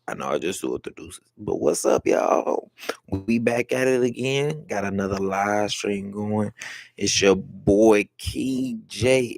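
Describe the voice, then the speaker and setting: A man's voice: lowish voice, unhurried, vocal fry, a little mellow, no room sound. A young man hosting his own live stream, talking loosely and joking with plenty of swearing. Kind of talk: casual livestream talk. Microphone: headphones with mic.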